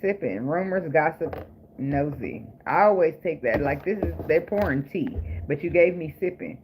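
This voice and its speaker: A man with a voice on the high side gives a casual tarot reading, expressive and at a moderate pace, being blunt, profane and joking with frequent laughs. The recording is noisy and has clicks.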